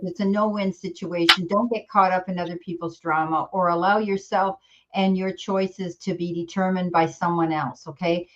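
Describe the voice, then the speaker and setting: A woman's voice: lowish voice, fairly bright tone. Woman with a dull lo-fi stream sound. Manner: direct, encouraging advice. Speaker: host tarot reader. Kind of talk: live-stream tarot reading. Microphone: computer mic on a live stream.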